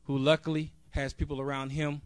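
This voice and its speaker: A man's voice: on the high side, level tone, brisk, smooth, no echo. A man, a national board member, giving an earnest, direct convention speech off the cuff, with a few restarts. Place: convention hall.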